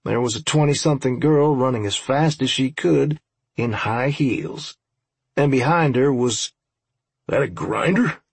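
A man with a gravelly, husky voice narrates a first-person audiobook. His delivery is dry and wry, salted with profanity. The sound is close and very dry. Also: mid-range voice, a little slow, no echo.

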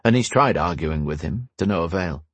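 Husky guy reading a fantasy book aloud, dry close sound. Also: sits low, animated, normal speed, dry recording. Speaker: audiobook narrator. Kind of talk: scripted narration.

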